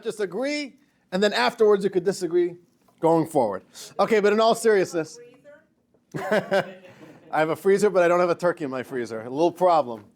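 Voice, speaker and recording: A man's voice: sits high, a little mellow. A man teaching a class as a rabbi, telling jokes and addressing the listeners as dear friends. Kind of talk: lecture with jokes.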